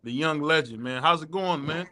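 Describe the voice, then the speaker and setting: A man's voice: on the high side, normal speed. Laid-back male podcast host. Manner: laid-back, loose shout-outs. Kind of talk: casual podcast chat.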